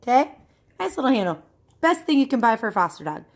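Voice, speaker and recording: A woman telling a story to her camera at home, animated, acting out voices and sound effects. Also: fairly high pitch, quick pace, a little hiss or hum.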